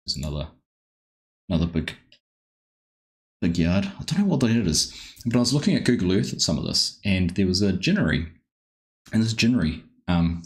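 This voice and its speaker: Man, very low voice, casual live-stream chat, greets viewers, wanders off topic. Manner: chatty, greets viewers by name, easily sidetracked.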